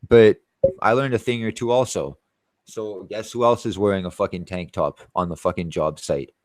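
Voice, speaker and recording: A man's voice: lowish voice, moderate pace, a little mellow, no echo, studio quality. A man, a tree-cutting contractor, tells a rambling, boastful story in a casual vlog, swearing constantly.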